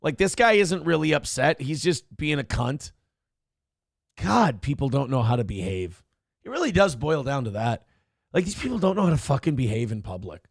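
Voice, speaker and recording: A man's voice: medium pitch, very animated, normal speed, vocal fry, dry recording, clean studio sound. A man hosting a morning show, ranting sarcastically and swearing heavily as he comments on a viral video.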